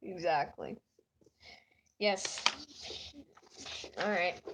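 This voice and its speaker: A woman's voice: lowish voice, very slow, slight background noise. A woman with a stuffy nose, chatting casually with live viewers while she draws, giggly and poking fun at herself. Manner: giggly and self-mocking. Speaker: artist streaming while drawing.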